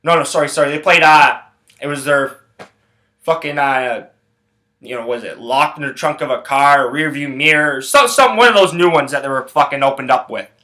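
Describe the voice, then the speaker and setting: A young man from Canada, host of his own show, telling a long story in a casual, rambling way, swearing constantly. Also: a little high. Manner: profane, rambling, animated retelling. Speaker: podcast host.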